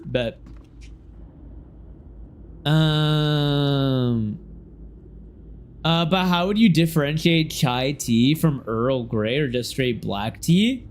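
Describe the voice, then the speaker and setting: A man's voice: a little high, extremely slow, long pauses. Slangy young man streaming, chatting loosely. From Ohio. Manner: loose, slangy, reacts with sudden excited shouts. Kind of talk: casual game stream chat.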